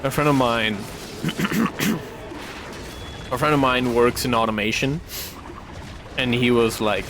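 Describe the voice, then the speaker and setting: A man's voice: medium pitch, steady tone, slow pace, pauses often, background noise. A male streamer chatting casually while he plays, rambling and swearing through his stories. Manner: rambling, profane storytelling. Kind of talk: casual chat while gaming.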